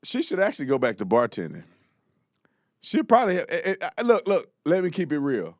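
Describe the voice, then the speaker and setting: Male commentary host; slangy, animated delivery, dry close sound. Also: on the high side, fairly quick, dry recording. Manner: animated, slangy, repeats words when starting a thought. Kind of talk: opinionated commentary.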